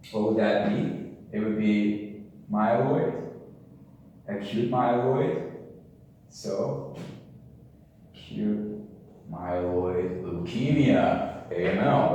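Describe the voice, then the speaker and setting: A man's voice: lowish voice, warm tone. A tired young man, a medical student, thinking aloud as he explains concepts at a chalkboard, rambling and joking to himself and trailing off mid-sentence. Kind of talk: casual thinking-aloud lecture. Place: room with a chalkboard. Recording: very echoey room, mic far off, faint hiss.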